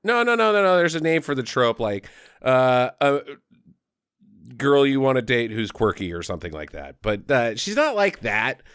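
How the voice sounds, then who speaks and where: Animated man co-hosting a movie podcast. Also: medium pitch, moderate pace, smooth, no echo, studio quality. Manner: animated, rambling with fillers. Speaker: podcast co-host. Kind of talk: casual movie review chat.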